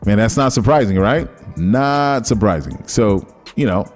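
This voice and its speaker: A man's voice: fairly low pitch, normal speed, darkish tone, faint music behind. A man hosting a podcast, talking through a story in a loose, rambling way and often searching for words. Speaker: podcast host. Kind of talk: casual solo commentary.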